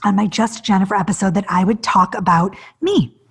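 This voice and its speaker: A woman in her forties hosting a podcast, telling her own story in an animated, emotional way. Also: brisk, gravelly, slightly rough. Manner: animated, acts out quoted voices with big pitch jumps; emotional, near tears. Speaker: podcast host. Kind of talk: personal storytelling monologue.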